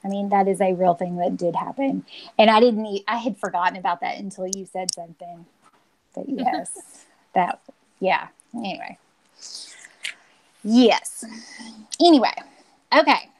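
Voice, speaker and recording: A woman's voice: mid-range voice, unhurried, creaky, pauses often, rough recording. Casual-chat co-host: a blunt woman who likes to act out her stories. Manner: blunt, self-described confrontational, acts out scenes. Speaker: podcast co-host.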